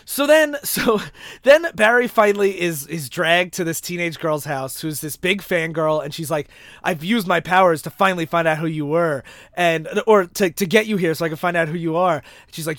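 A man with a high voice hosts a casual chat about comics. He retells the stories with quick laughs and little acted-out quotes. The sound is dry and close, with no room. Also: fairly bright tone, no room sound. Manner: laughs while retelling plots, acts out quotes. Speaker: podcast host.

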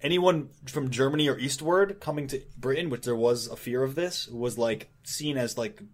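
A man's voice: medium pitch, moderate pace. A man co-hosting a casual podcast, recapping a comic in a rambling way with lots of fillers. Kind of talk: casual chat, retelling a comic.

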